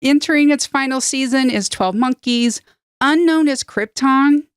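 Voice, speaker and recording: A woman guest on a podcast, giving a brisk, matter-of-fact news roundup. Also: high voice, clear, resonant tone, dry recording.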